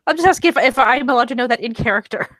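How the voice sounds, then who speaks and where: A woman's voice: on the high side, rapid-fire, a bit bright, no room sound. A woman playing a tabletop game, asking wry, careful questions. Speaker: player. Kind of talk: casual tabletop game chat.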